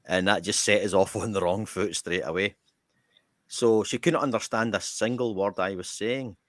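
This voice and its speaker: A man with a broad Scottish accent casually telling an anecdote on a podcast, animated and swearing freely. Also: fairly low pitch, moderate pace, no room sound, clean studio sound. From Scotland. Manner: animated, swears freely, jumps into quoted voices. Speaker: podcast co-host.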